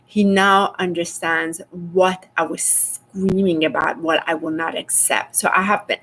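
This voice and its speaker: A middle-aged woman hosting a casual spiritual livestream, reading viewers' comments aloud and talking with animated exasperation. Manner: animated, rises in pitch when exasperated. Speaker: spiritual host reading live chat.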